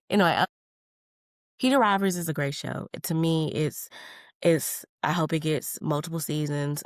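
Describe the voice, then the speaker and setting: Woman in her thirties, podcast host, low-pitched, dry close sound, candid, profane, tangent-prone. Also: no echo. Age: 30s. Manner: candid, profane, calls listeners honey; jumps between tangents. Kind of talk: solo podcast monologue.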